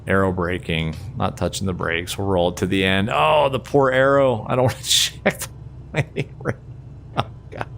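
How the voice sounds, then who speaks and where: Man, flight sim streamer, casual live commentary, gravelly, animated delivery, laughs at himself. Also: sits low, measured pace, long pauses, a little hiss or hum. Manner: chatty, self-mocking, laughs often.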